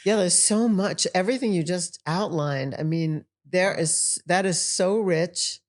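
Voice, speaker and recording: Older woman, guest teacher, lowish voice, animated storyteller. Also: a little slow. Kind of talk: casual podcast conversation.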